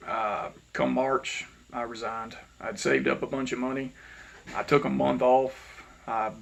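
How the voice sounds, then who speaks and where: A man, telling a personal story to his channel's viewers in an unhurried, reflective way that sometimes drops to a low mutter. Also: gravelly, fairly bright tone. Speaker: channel host. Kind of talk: casual storytelling monologue.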